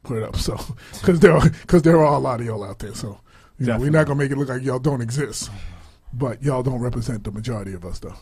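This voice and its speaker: A man in his forties, co-hosting a radio talk show, telling stories in a casual, animated way with laughs. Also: medium pitch, fast, few pauses, breathy edge, no echo. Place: radio studio.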